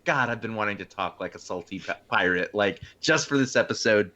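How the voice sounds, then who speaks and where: A man's voice: on the low side, expressive, fairly quick, sharp tone. A man co-hosting a film podcast, talking eagerly and restarting his sentences as he goes. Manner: enthusiastic, repeats words when starting a thought. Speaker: podcast co-host. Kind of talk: casual chat.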